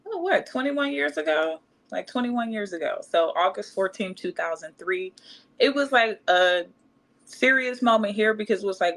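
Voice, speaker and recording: A woman in her thirties, a podcast guest telling her life story casually and acting out the voices of the people in it. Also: mid-range voice. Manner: animated, acts out quoted voices.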